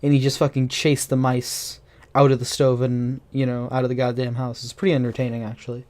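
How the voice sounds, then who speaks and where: Mellow-voiced man, profane and joking. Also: medium pitch, completely flat delivery, a little fast. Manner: profane, stammering restarts, joking. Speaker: podcast host. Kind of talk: casual podcast chat. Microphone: online voice call.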